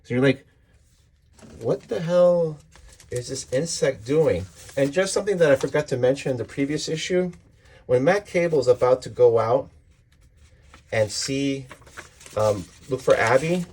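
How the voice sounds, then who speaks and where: A man's voice: mid-range voice, a little mellow. A man casually and enthusiastically recapping a comic book issue, acting out the characters' lines as he goes. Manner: enthusiastic, retelling panels with voices.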